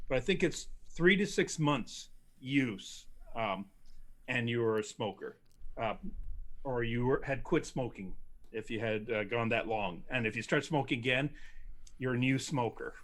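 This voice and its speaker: A man's voice: mid-range voice, moderate pace, fairly bright tone. A man co-hosting a casual livestream chat, opinionated, telling stories and mimicking other people's voices. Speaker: co-host.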